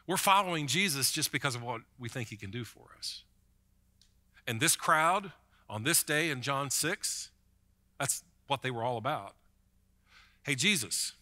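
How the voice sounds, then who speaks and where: A man's voice: mid-range voice, bright, forceful tone. A man preaching a sermon as pastor, in a conversational way, often repeating a word as he starts a thought.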